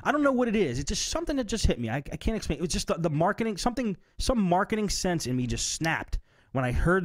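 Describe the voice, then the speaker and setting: A man hosting a podcast in casual chat, expressive and giggly, with lots of fillers. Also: high-pitched, quick pace, no echo, studio quality. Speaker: podcast host.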